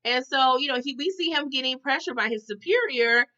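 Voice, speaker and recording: A lively woman talks her way through a TV episode recap, chatty and expressive. Her voice sits fairly high and sounds bright and forceful. The audio is a little dull, like a lo-fi recording. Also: brisk. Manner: animated, chatty, addresses viewers as y'all. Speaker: TV recap vlogger.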